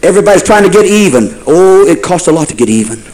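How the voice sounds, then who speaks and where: A man's voice: sits high, sing-song, fast talker, a little mellow, low-quality recording. A man preaching a sermon in a folksy storytelling way, building to fervent repeated phrases.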